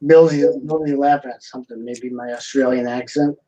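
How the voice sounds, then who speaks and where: A man's voice: mid-range voice, steady tone, normal speed, mellow, dull audio. A man hosting a live building stream, chatting casually and jokingly while reading out viewer comments.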